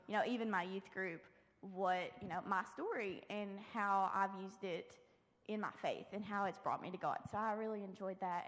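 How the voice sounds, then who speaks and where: A teenage girl sharing a personal testimony in church, chatty, quoting herself with "I was like". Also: medium pitch. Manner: chatty, lots of "I was like" quotes. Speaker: youth group member giving testimony. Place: church sanctuary. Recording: long church hall reverb.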